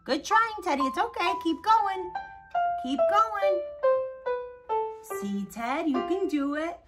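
A young woman hosting a children's learning show, talking to toddlers in a slow, exaggerated, encouraging way. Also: very high voice, lively intonation, loud music behind the voice. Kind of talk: sing-song talk to small children.

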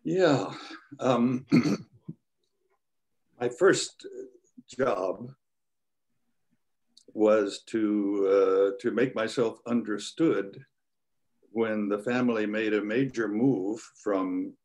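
Slow-spoken older man, deep and unhurried. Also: a little mellow. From United States. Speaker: guest scholar. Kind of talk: reflective storytelling.

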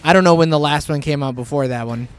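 A man with a fairly high, clean voice talks quickly while streaming a game, chatting casually with a friend. He's animated and joking around, now and then breaking into silly sing-song noises.

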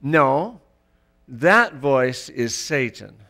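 A man preaching a sermon in a church, emphatic and rising to loud exclamations. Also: fairly high pitch, expressive, moderate pace. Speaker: pastor.

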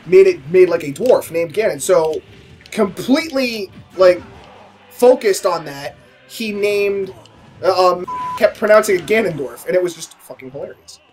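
A high, lively male voice yelping through a fighting game with his friends. He laughs easily and talks over the action, with faint music playing behind him. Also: normal speed. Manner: excitable, yelps and laughs often. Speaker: let's play commentator. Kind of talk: casual gaming banter.

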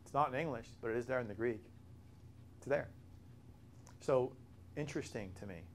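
A man's voice: medium pitch, normal speed, slight background noise. A man teaching a Bible study. He talks earnestly, repeats his key points and spells out words as he explains them.

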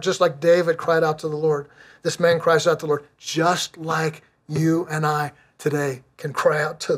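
A middle-aged man preaching a sermon as pastor. He reads scripture aloud and drives his points home with earnest, repeated refrains. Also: fairly high pitch.

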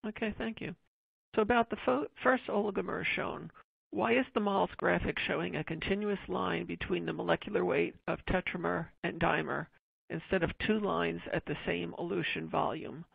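Moderator reading audience questions briskly, very gravelly and husky, tinny phone-like sound. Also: medium pitch, fairly even intonation, dry recording. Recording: tinny phone-like line, dry.

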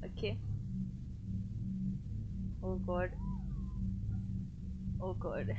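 High-voiced woman streaming a game. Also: animated, moderate pace, long pauses, music in the background. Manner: chatty, narrates her own moves and talks to viewers. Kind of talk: live gameplay commentary.

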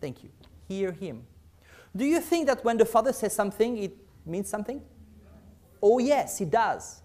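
Emphatic preacher, loud to hushed. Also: male voice, high voice, very animated, normal speed. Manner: swings from loud emphatic reading to soft murmured asides. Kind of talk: sermon.

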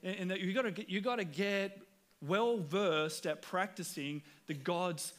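Aussie pastor preaching, slightly high voice, earnest and chatty, stumbles into sentences. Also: male voice, unhurried, a bit bright. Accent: Australian. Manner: earnest, conversational, repeats words when starting sentences. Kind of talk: sermon. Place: church.

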